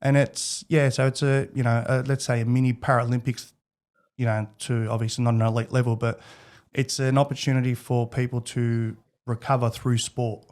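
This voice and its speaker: This Australian podcast guest, a man in his thirties, chats casually and candidly, rambling and frequently restarting his sentences. He speaks at a normal speed in a flat, medium-pitched voice with a darkish tone.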